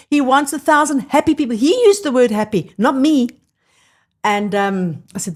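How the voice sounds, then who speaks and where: A woman's voice: sits high, moderate pace. A middle-aged South African woman with a South African accent, telling stories with enthusiasm as a guest on a podcast interview. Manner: enthusiastic, animated storyteller.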